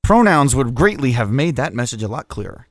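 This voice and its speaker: A man's voice: medium pitch, sing-song, a little fast, no echo, studio quality. A man hosting a casual radio show, reading listener messages with crude, mocking, profane banter while sneezing through an allergy attack.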